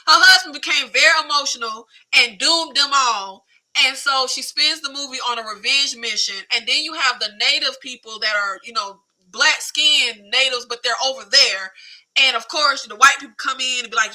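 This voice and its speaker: A woman speaking, hosting a livestream movie review in an animated, colloquial, conversational way. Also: high-pitched, moderate pace, rough recording. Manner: animated, conversational, colloquial Southern Black American slang. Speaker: host.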